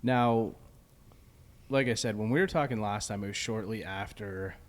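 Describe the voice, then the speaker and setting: A man hosting a podcast, chatting casually with a guest at a golf venue, with relaxed, filler-heavy talk. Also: on the low side, moderate pace. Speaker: podcast host. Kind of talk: casual chat.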